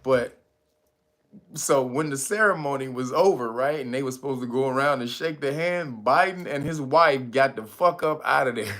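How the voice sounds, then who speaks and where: A man's voice: a little high, moderate pace, a bit bright. A man hosting a commentary show, talking about the news in a loose, slangy, joking way and often breaking into laughter. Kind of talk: casual profane news commentary.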